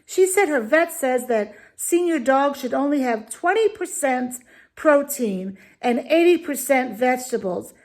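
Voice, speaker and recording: A woman rants through a video review, indignant and emphatic. Her voice sits fairly high, and she speaks slowly and deliberately, leaning hard on her points. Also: animated. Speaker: dog food reviewer.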